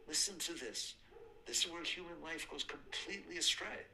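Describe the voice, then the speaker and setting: A man's voice: a little high, lively intonation, normal speed, vocal fry, bright, forceful tone, slight background noise, low-quality recording. An older man giving a spiritual talk, emphatic, repeating points and answering his own questions. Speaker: spiritual teacher.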